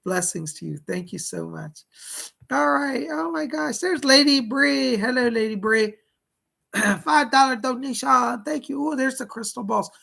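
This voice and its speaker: Man, psychic medium, hoarse, gravelly, husky, chatty and folksy, live-stream readings. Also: very high-pitched, lively intonation, measured pace, sharp tone, rough recording. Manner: chatty and folksy, thanking viewers by name. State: hoarse, losing his voice.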